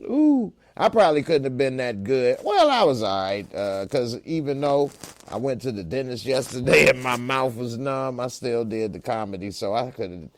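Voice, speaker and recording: A man's voice: medium pitch, big pitch swings, normal speed, a little hiss or hum. A man hosting a casual live-stream, joking around and reading out chat comments in a laid-back way. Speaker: podcast host.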